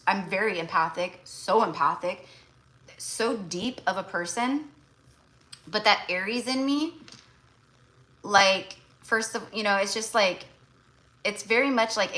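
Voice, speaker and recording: A woman's voice: medium pitch, pushed and bright, low-quality recording. A woman tarot reader in casual livestream chat, blunt and chatty, full of fillers.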